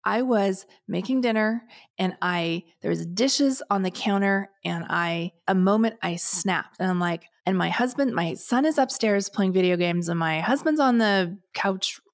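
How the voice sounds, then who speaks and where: A woman's voice: mid-range voice, unhurried. Emotional middle-aged woman co-host. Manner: frank, emotional, close to tears. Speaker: podcast co-host. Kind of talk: casual podcast chat.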